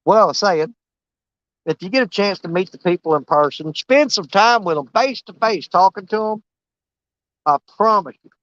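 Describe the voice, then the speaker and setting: A man's voice: high voice, animated, normal speed, a bit bright, no room sound, dull audio. A man, rambling and joking about himself as he rigs his fishing rods outdoors for his vlog. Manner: rambling, joking, self-mocking. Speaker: fishing channel host. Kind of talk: casual outdoor vlog talk.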